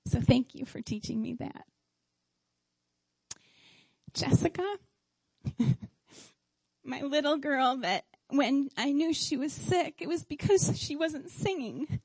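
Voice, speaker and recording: A woman's voice: high-pitched, slow, long pauses, a little mellow, no room sound, poor audio. A middle-aged woman giving a heartfelt sermon at a church service. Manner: heartfelt, tearful at times.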